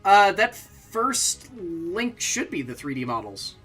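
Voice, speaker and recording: Man, casual game-stream commentary, rambling, bright tone, faint music underneath. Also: high voice, sing-song, slow pace, slightly rough. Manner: offhand and rambling, with lots of fillers. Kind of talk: casual let's-play commentary.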